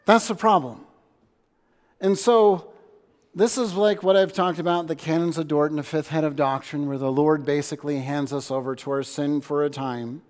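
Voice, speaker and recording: A man's voice: on the high side, steady tone, moderate pace. Earnest male pastor, reverberant church. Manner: earnest, repeats words as he restarts, shifts loudness for emphasis. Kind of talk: sermon. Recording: long hall reverb.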